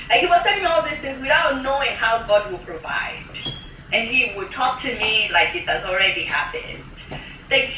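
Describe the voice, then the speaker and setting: Guest speaker, woman, bright voice, animated testimony, off-mic in an echoey room. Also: medium pitch, far from the mic, slight background noise. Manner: animated, acts out what others said. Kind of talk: personal testimony storytelling. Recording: roomy echo from off-mic.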